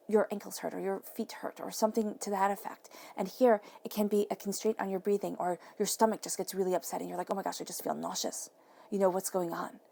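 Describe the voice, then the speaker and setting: A woman giving an earnest, encouraging tarot reading straight to the viewer, sometimes dropping to a soft whisper. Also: mid-range voice, vocal fry. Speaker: tarot reader.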